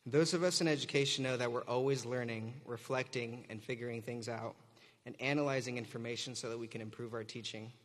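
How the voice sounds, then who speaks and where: A young man addresses a graduation ceremony from a podium, mixing teasing jokes with earnest thanks. His voice sits at an ordinary middle pitch. The sound carries the long reverb of a large hall. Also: fairly even intonation, brisk. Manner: joking, warm and earnest, leads audience cheer. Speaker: graduating student teacher giving commencement speech. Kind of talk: commencement speech. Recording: reverberant auditorium.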